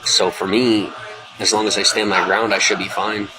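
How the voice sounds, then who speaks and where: Man, lower voice, earnest, rambling, live stream monologue, music in background. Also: flat delivery, normal speed, low-quality recording. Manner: rambling, earnest, many restarts and fillers.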